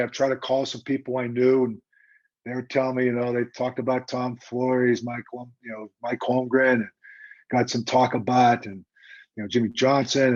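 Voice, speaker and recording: An older man, a retired football coach, telling a story in a lively, emphatic, conversational way during an interview. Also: mid-range voice. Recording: dull lo-fi remote audio.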